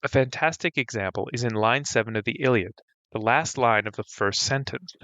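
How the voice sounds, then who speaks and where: A man's voice: medium pitch, normal speed, fairly bright tone, dry recording. A man hosting an educational podcast, narrating a scripted lesson with light enthusiasm and humor. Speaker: podcast host. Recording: slightly dull, dry recording.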